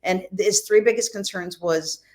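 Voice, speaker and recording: Animated woman telling a story. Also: mid-range voice, normal speed. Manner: animated, acts out quoted dialogue. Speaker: podcast guest. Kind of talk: casual storytelling.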